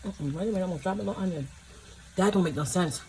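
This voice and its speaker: A woman's voice: lowish voice, racing, dark tone, a little hiss or hum, low-quality recording. A woman filming a casual food-tasting vlog at home, chatty and emotional, exclaiming over what she eats. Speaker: vlogger. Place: home, in pajamas.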